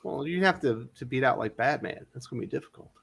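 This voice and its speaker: A man's voice: medium pitch, animated, fast talker, creaky, fairly bright tone, husky. A man hosting a casual comics panel, reading viewer comments aloud and teasing his co-hosts. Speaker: host reading chat.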